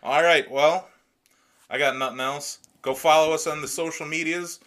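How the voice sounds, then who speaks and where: A man's voice: fairly high pitch, fairly even intonation, normal speed, fairly bright tone. A man co-hosting a casual podcast with friends, telling crude stories and laughing often. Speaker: podcast co-host. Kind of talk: casual chat among friends.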